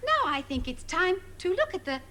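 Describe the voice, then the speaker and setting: An actress playing a sing-song, condescending children's TV presenter with barbed asides. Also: female voice, very high-pitched, big pitch swings, moderate pace, bright, forceful tone, heavily acted. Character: sugary sarcastic woman kids' TV presenter.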